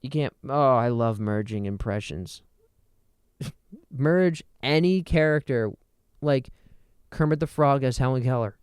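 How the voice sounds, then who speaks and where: Unhurried and prone to long pauses, a young adult man carries his solo comedic podcast in a medium-pitched, darkish voice that sounds clear and resonant on a dry recording. He speaks close to the mic, joking and wandering between ideas while cutting himself off.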